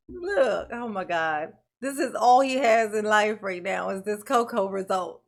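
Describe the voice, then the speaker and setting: A woman's voice: mid-range voice, expressive, measured pace. A woman commenting on court footage who mocks, swears and keeps bursting into laughter. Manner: mocking, laughing, profane. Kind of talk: reaction commentary.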